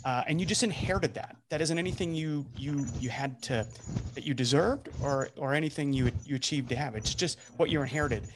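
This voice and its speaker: A male podcast host summing up his guest's story in a reflective, halting way. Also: on the high side, background noise. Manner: reflective, with many fillers and restarts. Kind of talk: casual interview.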